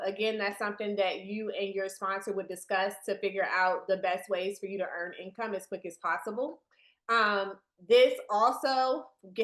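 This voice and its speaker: A chatty woman runs a business training session over a video call and talks straight to her audience. Her voice sits at a medium pitch. The room around her sounds roomy and echoey. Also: fairly bright tone. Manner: chatty, addresses the audience directly. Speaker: team leader presenting to new distributors.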